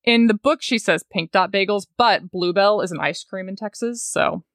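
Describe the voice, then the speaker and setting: A woman co-hosting a podcast, recapping a film in a chatty, animated way with casual swearing. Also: mid-range voice, normal speed, noisy background. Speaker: podcast co-host.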